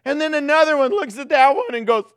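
A man's voice: very high voice, animated, fast, a bit bright. A middle-aged man preaching a sermon as pastor, telling jokey, self-mocking stories. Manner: joking, self-mocking storytelling.

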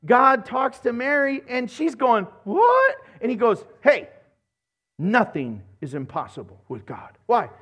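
A middle-aged man, a pastor, preaching a sermon in a lively, playful way, acting out little voices as he retells stories. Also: very high-pitched, a little slow, slightly rough. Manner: animated, playful, acts out voices in his retellings.

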